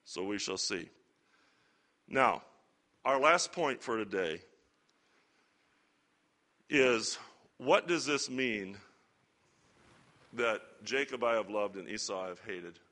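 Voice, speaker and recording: A man teaching a Bible lesson to a church group in a relaxed, conversational sermon style with chatty asides. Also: fairly low pitch, slow, long pauses. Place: church or lecture hall with slides.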